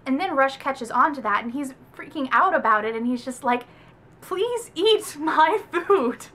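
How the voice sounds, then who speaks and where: A woman's voice: high-pitched, brisk. A woman from the American South giving a casual, chatty book review vlog, with lots of "like" fillers. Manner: chatty, animated, heavy use of "like".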